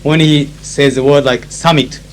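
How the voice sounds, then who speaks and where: With a medium-pitched voice, lively intonation and a measured pace, a Japanese-accented conference interpreter records a diary on an old tape that carries a faint hum. He chats through anecdotes heavy with fillers and switches into Japanese when explaining phrases.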